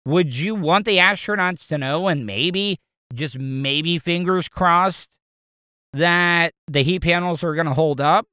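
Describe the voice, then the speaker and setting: A man's voice: a little high, takes it slowly, bright, forceful tone, smooth, dry recording, clean studio sound. A man talking casually and at length, rambling and restarting his sentences often. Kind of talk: casual opinion talk.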